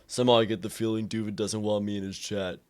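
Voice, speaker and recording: A man putting on a low, droning voice to read out a viewer's chat messages. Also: little pitch movement, fast, clear, resonant tone, lightly acted. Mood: teasing. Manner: deep, droning put-on voice. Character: mocking low-voiced chatter reading.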